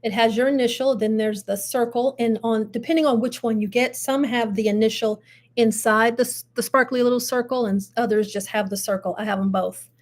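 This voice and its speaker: Older female host, chatty, talks straight to viewers, a touch high-pitched. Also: steady tone, a little fast. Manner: chatty, laughs often, addresses viewers directly. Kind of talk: casual live-stream chat.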